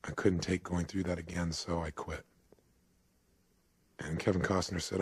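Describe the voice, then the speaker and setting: A man giving a motivational speech, retelling a story dramatically, swinging from hushed to urgent. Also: sits low, little pitch movement, moderate pace, pauses often, breathy edge, no echo, studio quality. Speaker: motivational speaker.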